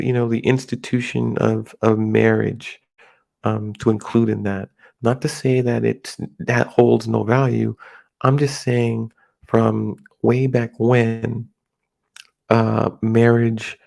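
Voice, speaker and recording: A middle-aged American man talking casually in a rambling, halting monologue with many restarts. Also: medium pitch, creaky, darkish tone. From United States.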